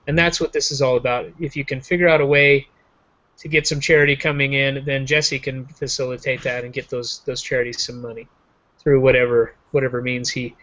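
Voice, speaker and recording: A man's voice: medium pitch, flat delivery, brisk, sharp tone. A man hosting a show in a casual joking chat, rambling and self-mocking over a video call. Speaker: show host. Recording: dull lo-fi online call audio.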